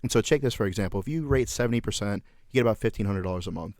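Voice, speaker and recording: A man with a low voice hosts a casual podcast, swearing freely and laughing through his stories. He sounds like a veteran in his thirties, filling his talk with likes and ums, and the sound is dry and close to the mic. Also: very fast, a little mellow, dry recording. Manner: profane, laughing storyteller with many fillers. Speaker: podcast host, Marine veteran.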